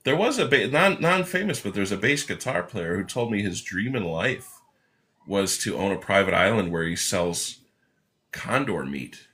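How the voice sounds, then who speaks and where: Low, bright-voiced man telling rambling stories. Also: normal speed. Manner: rambling, animated anecdotes with self-corrections and swearing. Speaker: author and musician guest. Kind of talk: casual storytelling in an interview.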